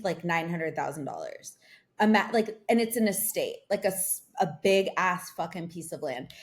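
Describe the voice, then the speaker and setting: A young woman co-hosting a podcast from a remote setup, telling a long story in casual chat and saying "like" often. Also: fairly low pitch. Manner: rambling storyteller, heavy use of "like". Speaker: podcast co-host. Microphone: remote recording.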